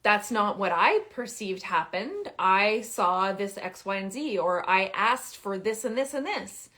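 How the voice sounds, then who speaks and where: On a live stream, a woman acting as a parenting coach gives advice at a measured pace. She's animated and emphatic, repeats key phrases, and swings widely in pitch and loudness.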